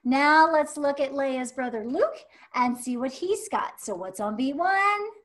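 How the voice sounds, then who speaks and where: A woman's voice: high voice, expressive, unhurried. A woman teaching a first-grade music class, upbeat and encouraging, chanting rhythm syllables and counting children in.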